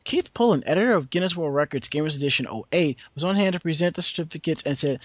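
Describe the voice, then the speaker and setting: A man's voice: on the high side, expressive, fast talker, hardly any pauses, dry recording. Laid-back New man co-hosting. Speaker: podcast co-host. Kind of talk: casual chat.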